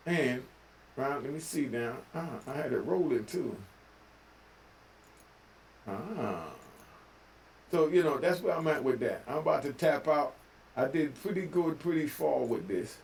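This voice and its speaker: A man's voice: a little high, lively intonation, measured pace, creaky, pauses often, darkish tone, a little hiss or hum. An older man from New York giving casual commentary, talking in preachy street slang and often asking "you know what I mean?". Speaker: vlogger.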